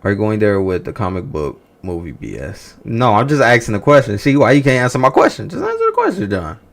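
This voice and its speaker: Expressive and fairly quick, this man's lowish voice carries a livestream where he reacts to movie news. He chats casually with viewers, teasing them, swearing liberally and bantering rhetorically.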